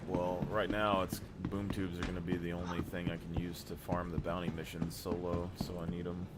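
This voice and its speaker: A man's voice: low voice, completely flat delivery, a little fast, heavy background noise. A man chatting casually while gaming, laid-back and a little hesitant, with fillers. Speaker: gamer. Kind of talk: casual game chat.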